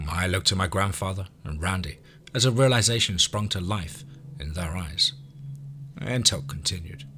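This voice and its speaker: A man narrating an audio story in a measured, steady storytelling voice. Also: sits low.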